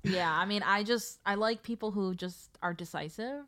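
A woman's voice: medium pitch, normal speed, fairly bright tone. A young woman co-hosting a podcast, teasing her co-host dryly and laughing a lot. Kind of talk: casual podcast chat.

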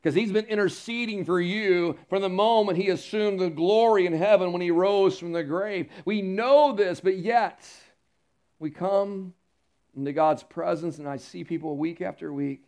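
A man preaching a sermon to his congregation, emphatic, moving between loud declarations and quiet, intimate asides. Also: sits high, moderate pace. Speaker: pastor. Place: church sanctuary.

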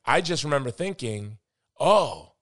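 A man's voice: medium pitch, big pitch swings, measured pace, fairly bright tone. A man hosting a podcast, talking in a casual, earnest and motivational way. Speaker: podcast host. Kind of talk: casual conversation.

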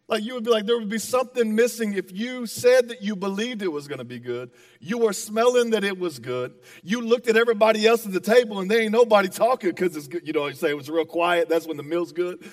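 High-voiced, energetic man preaching in a hall. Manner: energetic, playful, talks straight to the audience. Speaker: pastor. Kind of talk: conversational sermon with storytelling. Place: church auditorium. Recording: long reverb of a large hall.

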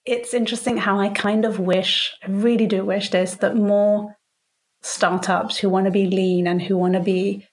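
A woman's voice: medium pitch, little pitch movement. Playful woman podcast co-host. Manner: playful teasing with quick reactions. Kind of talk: casual chat.

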